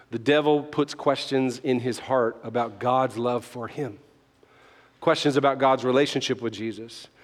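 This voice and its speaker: A man's voice: medium pitch, in a large hall. A man with a Southern US accent preaching a sermon as pastor, urging the crowd to answer back and tossing in playful asides.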